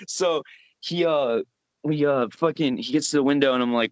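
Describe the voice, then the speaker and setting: A man's voice: fairly high pitch, moderate pace, no room sound. A young man co-hosting a podcast, telling a rambling, profane work story with lots of laughing. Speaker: podcast co-host. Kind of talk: casual storytelling chat.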